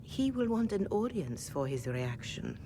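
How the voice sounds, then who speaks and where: A woman's voice: medium pitch, big pitch swings, measured pace, warm tone, a little hiss or hum. An actress voicing a devout older woman cleric, speaking formally and courteously.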